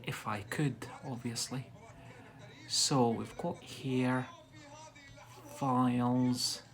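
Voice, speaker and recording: A man from Algeria, giving a live-streamed English lesson, talking deliberately and checking in with "yeah?" after most phrases. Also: mid-range voice. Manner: deliberately slow, frequent "yeah?" check-ins. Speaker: English tutor livestreamer.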